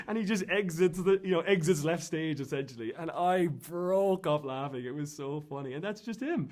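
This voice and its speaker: Slightly high and a little fast, with few pauses and a darkish tone, this interview guest from Ireland rambles through casual stories. He leans on many fillers and keeps restarting sentences.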